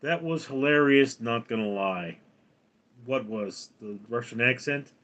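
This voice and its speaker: A man hosting a casual livestream, rambling with halting restarts. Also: medium pitch, fairly bright tone. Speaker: livestream host.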